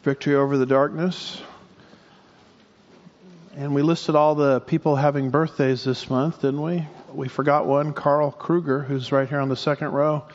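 A man's voice: on the high side, little pitch movement, normal speed. A man preaching a verse-by-verse sermon as pastor, folksy and joking with his congregation, sometimes stumbling over a word. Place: church sanctuary. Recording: dull sound with long hall reverb.

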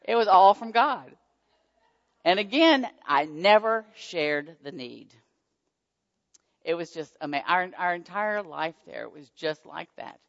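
A woman telling a personal faith testimony in an animated storytelling manner. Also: on the low side, slow. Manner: animated storytelling, squealing excited quotes. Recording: dull muffled sound with long hall reverb.

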